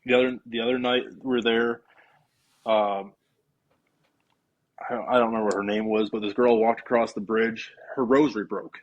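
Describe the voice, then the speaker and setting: A man's voice: lowish voice, normal speed, pauses often, lo-fi sound. A man casually telling a long story on a podcast, acting out what he and his friends said. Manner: animated storyteller, acting out his own quotes. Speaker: podcast guest.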